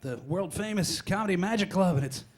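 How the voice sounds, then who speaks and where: A young man doing a stand-up comedy set in a comedy club, talking fast and jittery. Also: sits high, animated.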